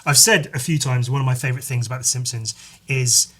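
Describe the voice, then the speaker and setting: Man, podcast host, casual rambling monologue, swears a lot, mid-pitched voice. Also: fairly even intonation, fast, a bit bright. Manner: rambling, swears freely, many fillers.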